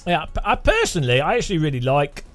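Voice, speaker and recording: A man's voice: on the high side, very animated, fast, faint music behind. A man from the UK hosting a game livestream, rambling and joking, often laughing, reading chat aloud. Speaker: game streamer.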